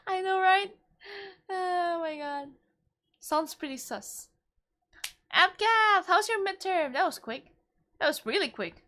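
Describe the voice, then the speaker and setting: A woman streamer reading game dialogue aloud, expressive and animated, with casual asides. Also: extremely high pitch, slow pace, long pauses.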